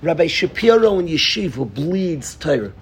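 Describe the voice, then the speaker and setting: A man, a yeshiva rabbi, giving an informal Torah lesson to students, animated, acting out little dialogues, calling on students by name and repeating phrases for emphasis. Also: fairly high pitch, moderate pace, slightly rough.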